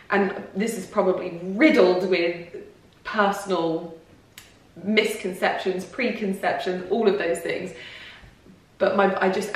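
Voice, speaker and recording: A woman's voice: fairly low pitch, far from the mic. Woman vlogger talking in a very echoey room. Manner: rambling and confiding, lots of "like" and restarts. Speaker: lifestyle vlogger. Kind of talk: casual personal talk to camera.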